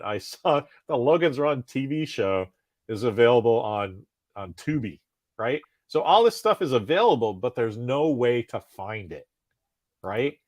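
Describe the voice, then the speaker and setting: Heard in a dry, clean studio recording, this forties-aged podcast co-host has a medium-pitched voice. The conversation is casual, and he rambles with self-deprecating humor and frequent laughter.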